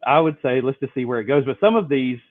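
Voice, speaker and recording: A man co-hosting a podcast in casual chat, halting with filler sounds and the odd swear word. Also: mid-range voice, lively intonation, no room sound. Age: adult. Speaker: podcast co-host. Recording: tinny lo-fi phone-like sound.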